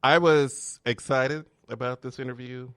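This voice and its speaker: A man's voice: mid-range voice, fairly even intonation, a little slow, a bit bright, clear, resonant tone, dry recording, studio quality. A man hosting a casual chat show, flirty and playful, laughing often and teasing his guest. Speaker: host. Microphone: studio mic with headphones.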